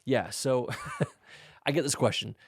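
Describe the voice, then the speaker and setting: Young man, podcast host, gravelly fry, dry close mic, casual Q&A, frank. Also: slow, no room sound. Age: young adult. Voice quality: gravelly low voice. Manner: laid-back, frank, self-deprecating. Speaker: podcast host answering listener questions. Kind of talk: casual Q&A chat.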